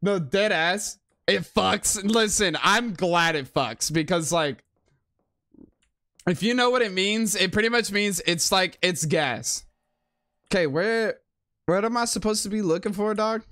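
A man's voice: high-pitched, measured pace, bright, forceful tone. A man streaming a game live, giving casual, profane, slangy commentary and laughing often.

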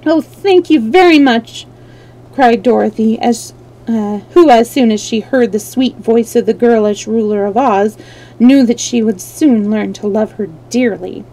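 Mellow-voiced woman reading a storybook. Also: on the high side, fairly even intonation, measured pace, low-quality recording. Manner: gentle, with small slips and self-corrections. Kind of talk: storybook reading on a live stream.

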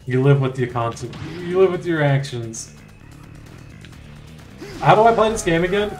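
Male gaming streamer, fairly high voice, crude playful running commentary over game music. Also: animated, normal speed, long pauses. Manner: crude, joking, talks to game and chat.

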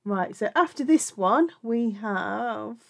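This crochet tutor's voice is a little high and creaky, expressive yet slow-paced, as she teaches warmly and chattily and keeps correcting herself. She has a Black Country accent from England, recorded dry at studio quality.

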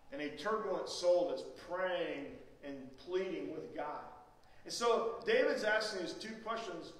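A pastor in full sermon, his fairly high voice pushing into loud, pleading questions. He sounds set back from the mic, and a long church reverb trails each phrase around the big room. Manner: emphatic preaching, rising to loud pleading questions. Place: church sanctuary. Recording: echoey church hall, mic far off.

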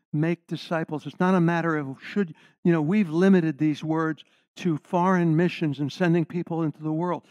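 A man's voice: on the high side, a little mellow, no echo, dull audio. An older man, a guest preacher, giving an earnest sermon and putting questions to the congregation.

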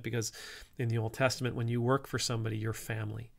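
Male priest, gravelly voice, halting and conversational. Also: mid-range voice, level tone. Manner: rambling, halting, full of restarts. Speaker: Anglican priest. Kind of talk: casual spoken reflection.

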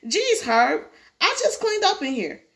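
Lady reading as a snippy teen big sister, bright voice, dismissive. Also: very high-pitched, sing-song, unhurried, voice pushed up, heavily acted. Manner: curt and dismissive. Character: snippy teenage girl, bossy older sister.

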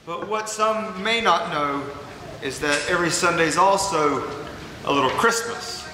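High-voiced pastor preaching in an echoey church. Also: male voice, unhurried. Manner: earnest, emphatic preaching with repetitions. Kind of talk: sermon. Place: large church sanctuary. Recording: echoey church hall with background noise.

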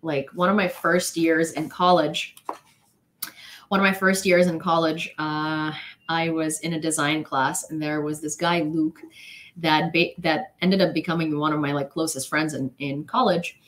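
A woman's voice: low voice, flat delivery, unhurried, fairly bright tone. A young woman streamer telling a long casual story to her chat, rambling with many "like"s and restarts and laughing often.

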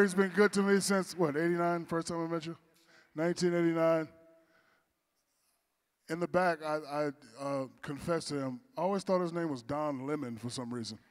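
A man in his forties giving a playful, teasing acceptance speech at an awards dinner in a banquet hall. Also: a little high.

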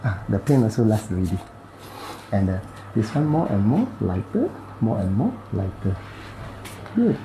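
Using clipped, simple phrasing in Malaysian-accented English, a man walks a patient through a hands-on bone-setting treatment and makes playful sound effects while he works. His fairly low voice is very animated and moves at a normal speed. Background noise can be heard.

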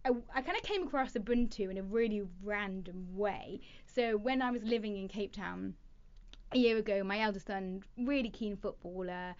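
Lively storytelling woman, muffled recording. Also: medium pitch, normal speed, clear, resonant tone. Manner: lively storyteller with hesitant restarts. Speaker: podcast guest, talent development leader. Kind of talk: casual interview chat.

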